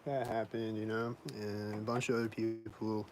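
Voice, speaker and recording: A man's voice: on the low side, flat delivery, normal speed, a little mellow, a little hiss or hum, rough recording. A man vlogging in a casual, rambling monologue, indignant and complaining, filling his talk with "like" and frequent swearing.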